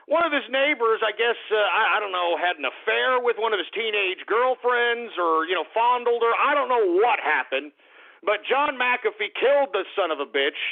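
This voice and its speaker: A high-pitched, gravelly male radio host delivers a blunt, profane rant to his callers. He punctuates his points with "all right?" and brief apologies, and the sound comes through thin and tinny, like a phone line. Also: lively intonation, moderate pace. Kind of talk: call-in radio talk.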